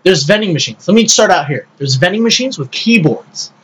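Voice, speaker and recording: Excitable man, casual podcast chat. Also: high-pitched, brisk, a little hiss or hum. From Hispanic background. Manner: excitable, swears freely. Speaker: podcast co-host.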